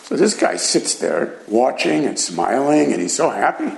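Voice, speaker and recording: A man's voice: very animated, normal speed, gravelly, rough recording. A man teaching a Talmud class, translating Aramaic phrases as he goes and acting out the characters in the story. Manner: translates Aramaic line by line, acts out characters with jumps in pitch.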